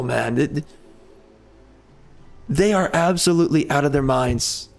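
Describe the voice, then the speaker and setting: A man hosting a gaming channel, venting in an angry, profane rant with halting restarts and frequent swearing. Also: on the high side, vocal fry. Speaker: gaming channel host and author. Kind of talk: frustrated rant over gameplay.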